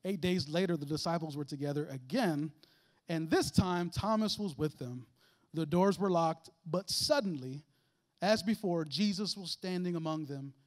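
High-voiced, animated preacher man. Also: normal speed. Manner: animated, joking, acts out little voices and asides. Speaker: guest preacher. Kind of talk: lively conversational sermon. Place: church sanctuary.

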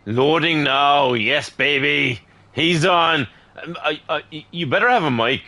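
A man's voice: on the high side, unhurried, pushed and bright, dry recording. A man with an Irish accent, a gaming streamer chatting casually with another player, joking boisterously and swearing freely. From Ireland. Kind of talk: casual voice chat while gaming.

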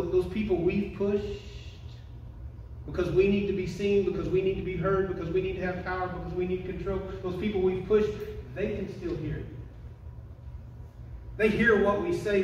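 High-voiced preacher in an echoing room. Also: male voice, slight background noise. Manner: emphatic preaching, rising to shouts when quoting. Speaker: pastor. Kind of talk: sermon. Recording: echoey, distant room mic.

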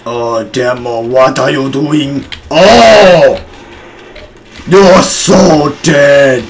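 A man's voice: medium pitch, very slow. A man commentating his gameplay in a forced heavy put-on voice, yelping at times, with a sore throat. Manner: straining to put on a heavy gruff put-on voice; exclaims and yelps during play. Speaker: gamer.

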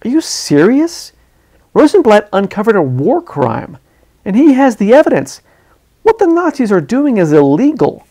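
A man voicing an excitable, idealistic male newspaper reporter who talks urgently and insistently. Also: on the high side, normal speed, vocal fry. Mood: incredulous. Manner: urgent, insistent, rising to outbursts.

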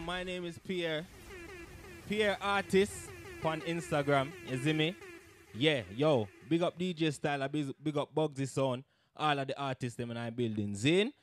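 A man, performing dancehall live on a festival stage, chanting rhythmic lyrics between hype shout-outs. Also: fairly high pitch. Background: dancehall music.

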